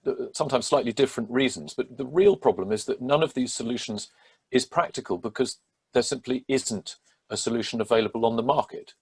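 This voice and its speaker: A man, a barrister, explaining a court judgment in a measured, methodical way with frequent hesitations. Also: fairly low pitch, husky. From England. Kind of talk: legal explainer talk.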